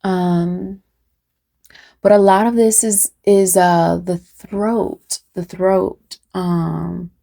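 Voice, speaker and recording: Speaking to her audience with a fairly low, warm voice touched by vocal fry and fairly even intonation, a woman passes along a channeled spiritual message. It's unscripted and rambling, full of fillers and restarts, with frequent "right?" check-ins and pauses to ask spirit.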